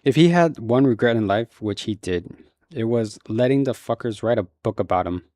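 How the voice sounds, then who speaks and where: A man reading a novel aloud in a casual, relaxed way, with occasional slips and restarts. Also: medium pitch, normal speed, dry recording, clean studio sound. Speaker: audiobook reader.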